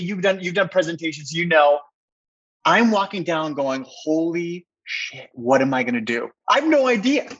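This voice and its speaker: Husky man telling an excited story. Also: sits high, highs cut off. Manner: excited, rambling, heavy use of "like". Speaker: podcast guest. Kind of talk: animated storytelling in conversation.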